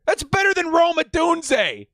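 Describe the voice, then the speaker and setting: Hyped high-voiced man streaming live. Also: wildly swooping pitch, measured pace, no echo, clean studio sound. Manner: hyped, shouting and whooping. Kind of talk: excited live-stream reaction.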